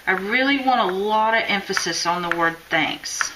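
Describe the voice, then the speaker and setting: A woman's voice: mid-range voice, normal speed, noisy background. Chatty woman teaching chalk lettering. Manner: chatty, encouraging, talks while working. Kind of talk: live-stream drawing tutorial.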